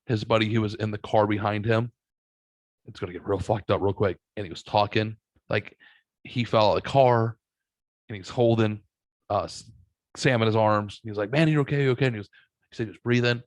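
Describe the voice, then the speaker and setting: A man's voice: on the low side, brisk, pauses often, no echo. A man hosting a podcast, telling stories in casual chat and swearing freely. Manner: animated storytelling, swears freely. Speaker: podcast host.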